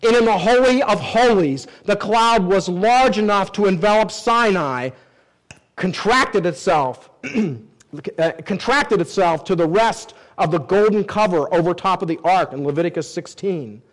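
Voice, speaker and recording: A man preaching a sermon, reading scripture aloud and swinging between emphatic rises and low, quiet drops. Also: a little slow, poor audio. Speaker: pastor.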